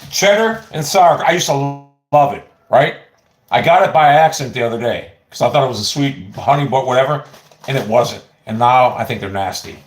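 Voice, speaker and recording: A man's voice: mid-range voice, brisk, roomy sound, a little hiss or hum. A man chatting casually on a livestream from his home kitchen into a phone, rambling and swearing as he snacks. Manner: rambling, profane, easily excited.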